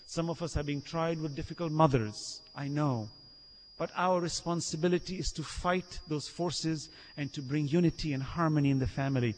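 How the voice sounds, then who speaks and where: A man preaching in a lively storytelling way, acting out the people in his stories and laughing along as he goes. His voice is high for a man and husky. It rings out with the long reverb of a large hall. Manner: animated storyteller acting out quotes, laughing often. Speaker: Islamic preacher. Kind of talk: sermon with storytelling.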